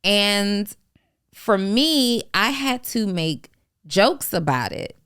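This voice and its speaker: A woman hosting a business podcast who tells stories in a lively way, laughs easily and encourages her guest. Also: mid-range voice, very slow, clear, resonant tone. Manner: animated storyteller, laughs readily, encouraging. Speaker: podcast host and business coach. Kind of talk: casual podcast conversation.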